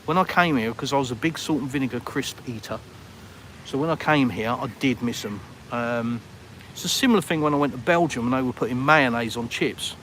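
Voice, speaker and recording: A man's voice: mid-range voice, fairly quick, fairly bright tone, a little hiss or hum. A British man chatting to live viewers on a walking vlog, rambling and self-deprecating, outdoors in a town. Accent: British English. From Britain. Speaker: vlogger. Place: outdoors on a town street with traffic.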